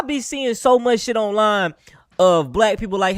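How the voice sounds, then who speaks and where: Man, blunt exasperated commentary, very lively pitch swings, dry sound. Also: moderate pace, no echo. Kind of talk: casual reaction commentary.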